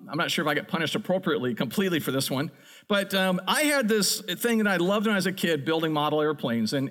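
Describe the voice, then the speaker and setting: A middle-aged man preaching a sermon, telling a childhood story in an animated, storytelling way. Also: a little high. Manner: animated storyteller, builds to excited peaks. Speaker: pastor.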